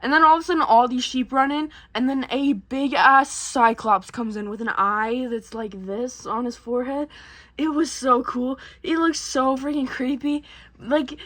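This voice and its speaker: A woman's voice: sits high, steady tone, moderate pace, a bit bright. A woman vlogger casually recapping a movie, rambling in slang and swearing freely.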